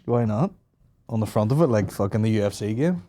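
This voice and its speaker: A man's voice: lowish voice, lively intonation, fairly quick, warm tone. A man in his thirties with a Northern Irish accent, hosting a comedy podcast in loose, rambling, profane chat with laughs between riffs. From Northern Ireland. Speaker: podcast host.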